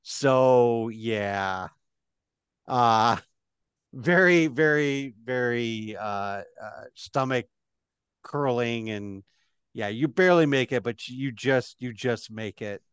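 A man's voice: mid-range voice, slow pace, smooth, no room sound. A man running a tabletop game as game master, narrating in a rambling way with lots of fillers.

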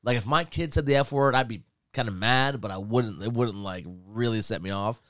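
A man, a father, chatting casually with friends in a relaxed, animated way, laughing often and leaning on "like" as a filler. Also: mid-range voice, a little fast, no room sound, clean studio sound. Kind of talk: casual chat.

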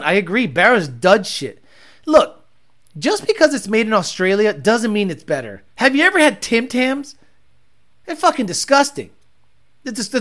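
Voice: mid-range voice, fairly bright tone. A livestream host reading viewer comments and ranting about car tuning with profanity and mockery.

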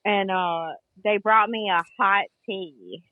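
A woman with a Southern US accent, co-hosting a podcast and telling lively anecdotes in casual chat. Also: medium pitch, takes it slowly, no room sound, phone-quality sound. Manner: animated anecdote teller. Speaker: podcast co-host. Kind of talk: casual storytelling.

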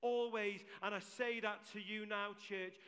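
A man delivers a sermon to a church congregation with a notably high, bright and forceful voice. He talks with emphatic conviction and keeps doubling his key phrases to drive them home. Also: steady tone, a little slow, clean tone. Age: adult with several children. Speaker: preacher.

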